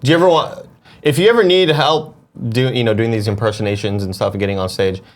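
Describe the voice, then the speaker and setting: A man's voice: lowish voice, quick pace. A man co-hosting a casual comedy morning show, telling stories playfully. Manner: playful storyteller.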